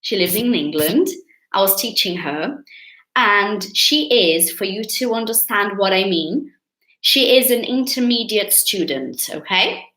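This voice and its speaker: A woman's voice: medium pitch, animated, a little slow, pushed and bright, reverberant, low-quality recording. A woman with a Brazilian accent teaching English in a live online lesson, chatty with her viewers and stretching out key words. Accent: Brazilian Portuguese.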